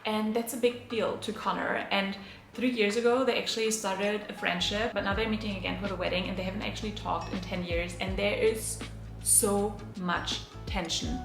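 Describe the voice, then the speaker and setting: A woman's voice: mid-range voice, steady tone, normal speed, creaky, echoey room, music in the background. A young woman vlogging casually about books she read, gushing and chatty with lots of fillers. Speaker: book vlogger. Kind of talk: casual reading vlog chat.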